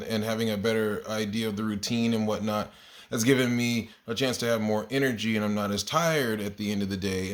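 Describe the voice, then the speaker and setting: Rambling male teacher's video diary. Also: fairly low pitch. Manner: rambling, self-correcting storyteller; amused, laughs at his own stories. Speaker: kindergarten teacher.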